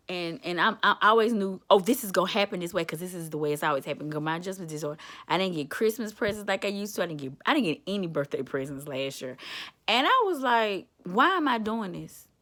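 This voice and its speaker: Woman motivator, vlog storyteller: bright tone, lively swooping pitch, candid and chatty. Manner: candid, chatty, calls listener honey and baby. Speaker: self-described motivator.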